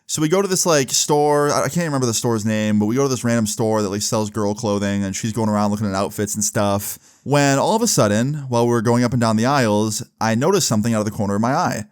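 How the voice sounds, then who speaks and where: A man's voice: lowish voice, quick pace, hardly any pauses, clean tone. A young man casually telling a personal story, swearing freely and filling with "like" and "you know". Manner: casual, profane, lots of fillers.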